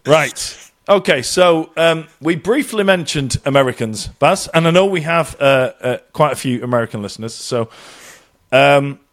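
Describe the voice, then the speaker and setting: Speaking at a moderate pace in a slightly high voice, an English man based in Ireland co-hosts a laid-back podcast. His animated, sweary style features tongue-in-cheek rants, with quotes delivered in put-on voices.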